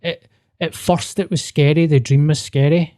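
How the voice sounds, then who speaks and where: A man's voice: on the high side, normal speed. A man telling a personal story on a podcast, casual and sweary, acting out the dialogue. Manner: sweary, animated, acts out quoted dialogue.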